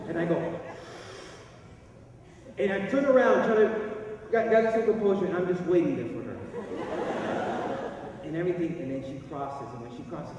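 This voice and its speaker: Man preaching a sermon in a lively storytelling style, recorded from a distance in a big reverberant hall with faint room noise. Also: high-pitched. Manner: animated storyteller, swinging between hushed asides and loud bursts. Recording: echoey hall recording from far off.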